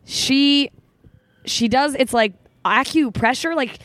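A woman's voice: high-pitched, slow, a bit bright, no room sound. A young woman hosting a podcast, talking candidly and emotionally, swearing a lot and laughing often. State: tearful. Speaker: podcast host. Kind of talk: casual podcast chat. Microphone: studio microphone.

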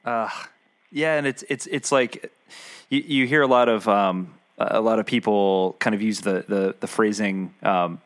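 A man hosting a podcast, talking casually with a guest in a relaxed, halting way. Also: on the low side. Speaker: podcast host.

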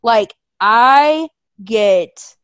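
A woman's voice: a little high, expressive, very slow, smooth, no echo. A young woman telling a story in casual chat, swearing often and acting out quotes in voices.

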